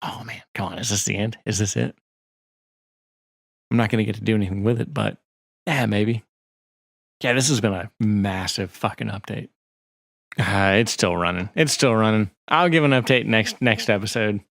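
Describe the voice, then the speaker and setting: A man's voice: lowish voice, normal speed, creaky, long pauses, fairly bright tone, no room sound, clean studio sound. A man co-hosting a podcast in casual chat, rambling and swearing freely while he reads text off a screen. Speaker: podcast co-host.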